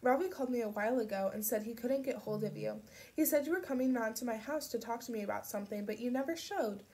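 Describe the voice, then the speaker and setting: A woman voicing a worried, protective young woman who speaks gently and with concern. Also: on the high side, fast, close to an everyday voice.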